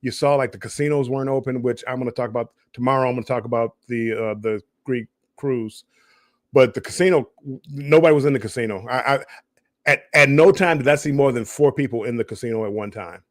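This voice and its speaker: A middle-aged man chats on a live cruise stream and rambles through his stories, restarting often and repeating words. His voice sits at an ordinary pitch. The recording is dry and close. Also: brisk, no echo. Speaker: cruise show co-host. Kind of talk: casual live-stream chat.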